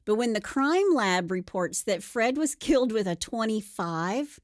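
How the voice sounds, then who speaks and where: A woman with a fairly high, lively voice tells a true crime story in a relaxed podcast chat. She slips into playful voices for the people she quotes. The sound is dry and close. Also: unhurried, dry recording.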